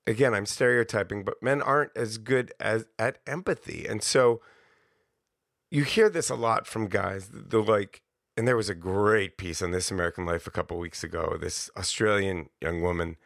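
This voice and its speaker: A man's voice: on the low side, normal speed, creaky, a bit bright, no room sound, studio quality. A man hosting a podcast, talking in a chatty, self-deprecating way and laughing often. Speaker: podcast host. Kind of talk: casual conversation.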